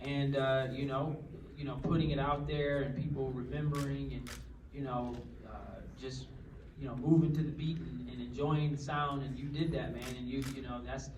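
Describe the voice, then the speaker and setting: A man's voice: medium pitch, level tone, normal speed, a little mellow, slight background noise. A man moderating a live Q&A panel, talking loosely with lots of fillers. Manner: loose and rambling, many fillers. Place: large hall at a live event. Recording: echoey hall from far off with crowd. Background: audience crowd.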